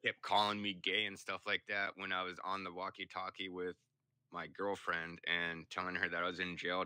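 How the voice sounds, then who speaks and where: A man's voice: low-pitched, bright, forceful tone, no room sound. A young man streaming, chatting casually and telling rambling, profane stories. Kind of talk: casual chat.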